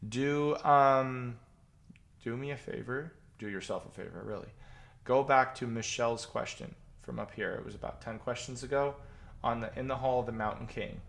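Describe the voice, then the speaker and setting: Here a gravelly, medium-pitched voice at normal speed belongs to a man giving a casual Q&A piano lesson. He counts the patterns aloud as he plays them, and loud piano fills the background.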